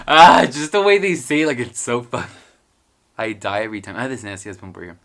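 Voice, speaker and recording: A man's voice: mid-range voice, fast talker, creaky, a bit bright. A young man from a Mexican family who grew up in the US, chatting casually in a vlog in his bedroom, rambling, swearing and mocking himself. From Mexican heritage, raised in the US. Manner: profane, self-mocking, rambling with bursts of laughter. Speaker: vlogger. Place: bedroom at home.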